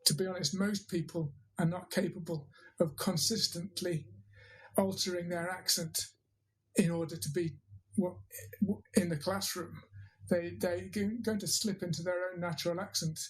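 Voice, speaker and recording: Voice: mid-range voice, fairly even intonation, normal speed, a little hiss or hum, low-quality recording. Thoughtful teacher. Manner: thoughtful, hesitant with fillers and restarts. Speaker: interviewed English teacher and trainer. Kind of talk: reflective interview answer.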